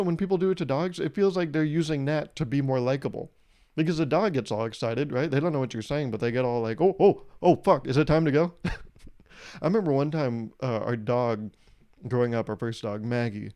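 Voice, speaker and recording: A man's voice: medium pitch, a little mellow. A young man hosting a podcast, rambling through a wry comedic monologue and swearing casually. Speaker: podcast host.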